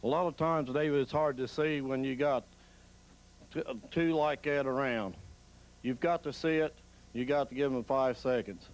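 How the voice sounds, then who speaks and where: A male wrestling referee answers questions with short replies. His speech is plain and matter-of-fact. His voice sits at an ordinary mid pitch. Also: moderate pace, rough recording. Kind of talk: televised interview.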